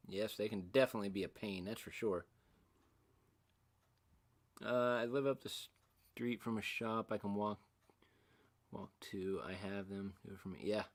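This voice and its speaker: A man's voice: lowish voice, fairly even intonation, unhurried, long pauses. A middle-aged man hosting a casual livestream, rambling and self-mocking as he reads out and answers chat comments. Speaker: livestream host.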